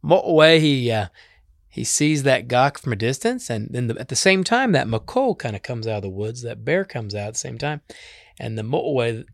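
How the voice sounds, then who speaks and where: Mixing native words into his speech, a man tells a traditional animal tale with a relaxed, folksy storyteller's touch. He sounds gravelly and expressive, with a mid-range voice and moderate pace, in a studio-quality recording without room sound.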